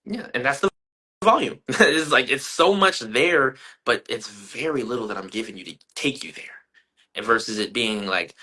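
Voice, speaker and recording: A young man talks through his life as an artist in an interview, earnest and thoughtful. His voice is bright and forward at an average pitch, and he gets animated as his stories build. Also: moderate pace, breathy edge. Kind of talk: reflective interview answers.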